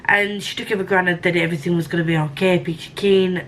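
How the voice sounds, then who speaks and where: A woman with a fairly low voice talks through her reading pile as a casual book vlogger. She rambles, restarts her sentences and corrects herself as she goes. A faint hiss sits behind her voice. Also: fairly even intonation, fast, low-quality recording. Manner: rambling, self-correcting, chatty.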